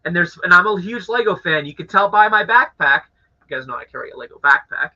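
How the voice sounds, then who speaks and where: A young man from Canada hosting a live stream, telling an annoyed story to his chat in a casual, animated way with swearing. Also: high voice, fast talker. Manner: animated, swearing, acts out angry voices. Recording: dull lo-fi audio.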